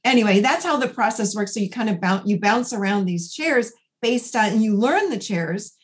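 Woman, 40s, therapist guest; animated, conversational storyteller. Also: mid-range voice, normal speed. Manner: animated storyteller acting out dialogue. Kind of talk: conversational podcast interview.

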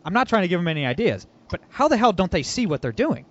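A man hosts a political podcast in a fairly high, animated voice, quick to mock and laugh. The audio sounds dull and lo-fi. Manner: animated, mocking, laughs often. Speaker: podcast host. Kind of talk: casual political podcast chat.

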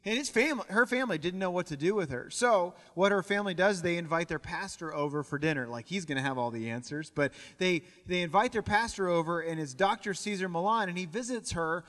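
Male pastor, fairly high voice, storytelling sermon, long church reverb. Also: expressive, brisk, hardly any pauses, fairly bright tone. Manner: storytelling, repeats words as he goes. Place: church sanctuary.

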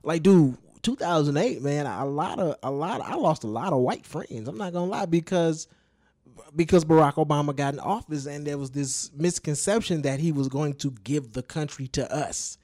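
A man's voice: on the high side, animated, moderate pace, a little mellow, no room sound, clean studio sound. A man co-hosting a podcast in casual chat, talking loosely and profanely, often checking in with "you know what I'm saying?". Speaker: co-host of a podcast.

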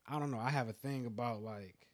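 A man's voice: medium pitch, a little fast, no room sound. Laid-back man telling a story, dry sound. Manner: laid-back, profane, trailing off with "you know what I'm saying". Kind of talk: casual chat.

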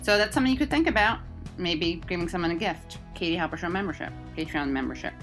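A woman's voice: lowish voice, fast talker, a bit bright, soft background music. A woman hosting a live talk show, chatty and joking, going off on tangents as she introduces guests. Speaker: podcast host.

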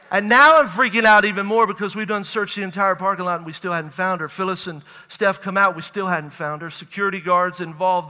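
A middle-aged man, preaching a sermon and telling a story with animated, acted-out dialogue. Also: sits high. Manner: animated storytelling, acts out panicked dialogue, laughs at own jokes. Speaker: pastor. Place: large church hall. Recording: reverberant church hall.

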